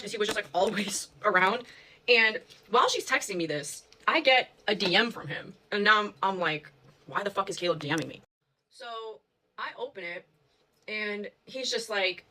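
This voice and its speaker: A woman's voice: medium pitch, sharp tone, a little hiss or hum, poor audio. A young woman telling a story to her viewers in a casual, chatty way, full of fillers and swearing.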